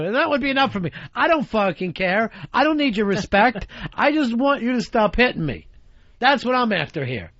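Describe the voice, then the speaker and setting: A man's voice: extremely high pitch, sing-song, normal speed, fairly bright tone, dry recording, dull audio. A man hosting a radio talk show, telling crude, rambling stories and acting out voices. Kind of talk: profane comedic talk radio banter.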